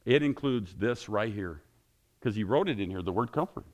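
A male pastor preaching with passion, closing his sermon in prayer and getting louder and higher when excited. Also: normal speed. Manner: passionate, rising loud and high when excited.

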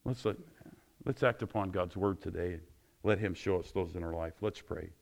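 A man's voice: moderate pace, vocal fry. Fervent male pastor preaching. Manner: passionate, rising loud and high when excited. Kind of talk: sermon and closing prayer.

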